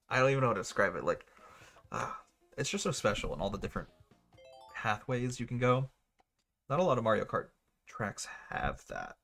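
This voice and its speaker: A man's voice: lowish voice, creaky, a bit bright. A man casually commentating a racing game livestream, chatty and self-mocking, with hiccups and a little wheezing. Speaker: streamer.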